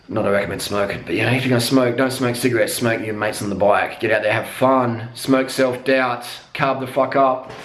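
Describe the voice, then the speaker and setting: A man's voice: mid-range voice, slight background noise. A man rants about pro cycling in a casual vlog. He talks bluntly and swears all the time. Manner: profane, blunt, excitable. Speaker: cycling vlogger. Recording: echoey room.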